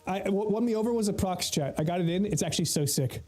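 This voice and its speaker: A man's voice: high voice, fast talker, a little mellow, soft background music. A young man streaming himself playing a video game, laid-back and chatty, swearing and laughing often. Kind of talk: casual gameplay commentary.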